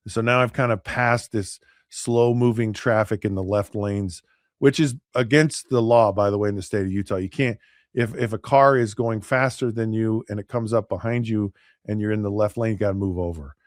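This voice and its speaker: A man's voice: fairly low pitch, normal speed, dry recording. Guy on a podcast telling a story, acts out the voices, lots of restarts, dry close sound. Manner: animated, acts out both sides of a dialogue; repeats words and restarts often. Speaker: podcast host. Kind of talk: casual storytelling.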